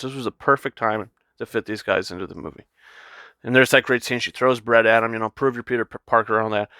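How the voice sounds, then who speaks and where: A man talks through a film review in an eager, rambling way, stumbling over his words and acting out lines from the film. His voice is bright and gravelly, and the sound is dry and close, with no room around it. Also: on the low side, no room sound. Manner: excited, rambling, many restarts and quoted paraphrases. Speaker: movie reviewer. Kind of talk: casual spoiler review monologue.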